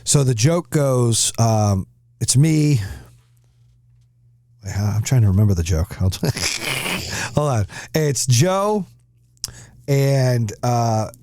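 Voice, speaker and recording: A middle-aged man hosting a podcast, talking casually with animated, pushy questions and lots of cursing. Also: medium pitch, slow pace, long pauses, no room sound. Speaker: podcast host. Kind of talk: casual banter.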